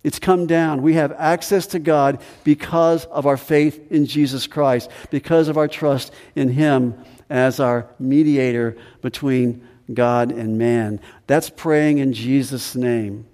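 A man preaching a sermon with earnest emphasis, slowing down on key phrases and rising in pitch when stressing a point. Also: steady tone, a little mellow. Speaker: pastor. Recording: long hall reverb.

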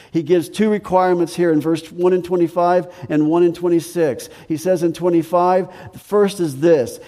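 A male pastor delivers a sermon in a mellow, somewhat high voice. He speaks deliberately, stretching out key words and repeating lines for emphasis. The sound rings with the long reverb of a big hall. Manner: deliberate preaching with slow emphatic stretches and repetition.

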